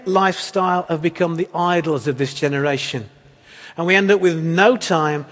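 A man preaching a sermon as pastor, earnest and emphatic, with rhetorical questions. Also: a little high. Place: church hall. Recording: long hall reverb.

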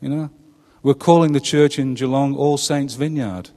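A middle-aged pastor preaching in a relaxed, chatty way, keeping his congregation close with quick rhetorical questions. His voice carries a long church-hall reverb, and it sits at a middle pitch for a man. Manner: chatty, asks the congregation questions, laughs at his own jokes. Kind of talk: conversational sermon.

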